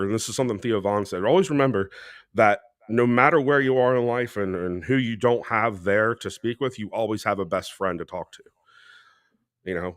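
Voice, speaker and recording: Earnest man, lowish dry voice. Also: dry recording. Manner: earnest and heartfelt, with frequent fillers. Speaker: podcast co-host. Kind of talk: casual podcast talk.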